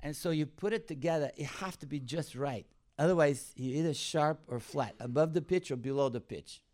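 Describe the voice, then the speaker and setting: Animated storytelling man. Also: moderate pace. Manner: animated storyteller, laughs often, rises in pitch when excited. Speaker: preacher telling a personal story. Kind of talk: anecdotal sermon.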